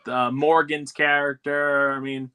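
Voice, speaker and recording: A man's voice: a little high, level tone, a little slow, sharp tone, clean tone. A man co-hosting a casual film podcast, speaking hesitantly with many fillers. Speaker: podcast co-host. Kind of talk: casual panel chat.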